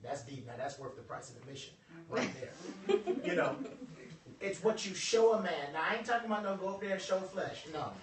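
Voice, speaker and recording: Animated man speaking in an echoey room. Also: sits high, brisk, recorded from a distance, crowd noise. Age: adult over twenty-five. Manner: animated, joking, preacher-like delivery. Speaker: motivational speaker. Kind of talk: motivational workshop talk.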